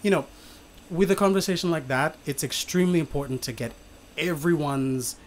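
A chatty woman from Papua New Guinea hosts a relaxed podcast, her accent leaning American. She talks in bursts with restarts and frequent laughter, over a faint hiss of background noise. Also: sits low, brisk. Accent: Papua New Guinean with an American-sounding lilt. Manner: animated, laughs often, lots of restarts. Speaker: podcast host. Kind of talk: casual podcast chat.

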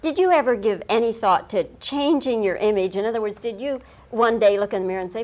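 A woman's voice: fairly high pitch, fast talker, hardly any pauses, darkish tone. A woman TV interviewer asking questions in a friendly, conversational, lightly teasing way.

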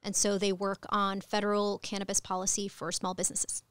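Frank, animated woman telling her story. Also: mid-range voice, fairly quick, smooth, no echo. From Ecuador. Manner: frank, animated, swears casually. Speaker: podcast guest, cannabis attorney. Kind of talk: candid conversational storytelling.

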